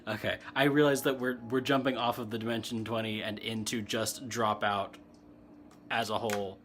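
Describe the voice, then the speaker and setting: Bright-voiced, rambling male tarot streamer. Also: lowish voice, level tone, normal speed, slight background noise. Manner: rambling, laughs often, answers chat comments. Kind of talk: casual spiritual chat, reading tarot cards.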